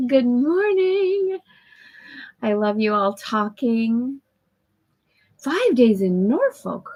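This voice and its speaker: A woman's voice: medium pitch, darkish tone, breathy edge, low-quality recording. A woman hosting a casual live-stream chat from a sailboat at anchor, talking effusively, laughing often and greeting viewers by name. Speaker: host of a live spiritual women's group call.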